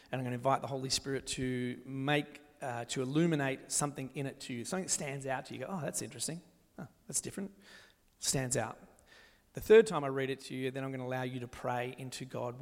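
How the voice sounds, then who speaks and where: A man preaching a sermon, talking his congregation through scripture reading and reading a psalm slowly and gently. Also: medium pitch. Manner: gentle, slows down to read scripture aloud. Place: church hall. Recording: long echo of a large hall.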